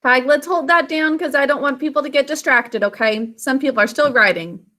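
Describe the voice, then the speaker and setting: A woman teaching an online spelling lesson to children over a video call, sounding out words slowly and giving frequent praise. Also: high voice, bright, forceful tone. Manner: slow, deliberate enunciation with praise.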